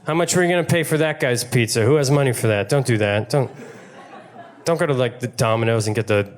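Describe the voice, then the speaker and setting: A man's voice: medium pitch, fast talker, close to an everyday voice. A man voicing a pizza chain as a blunt, dismissive guy.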